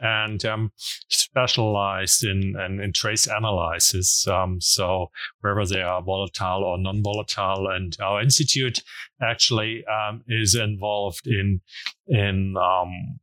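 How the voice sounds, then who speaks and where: A man's voice: on the low side, little pitch movement, a little slow, sharp tone, dry recording, low-quality recording. A man with a German accent, a guest scientist speaking English as a second language in a hesitant way, full of ums and uhs. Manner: hesitant, many ums and uhs, laughs easily. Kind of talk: interview answers.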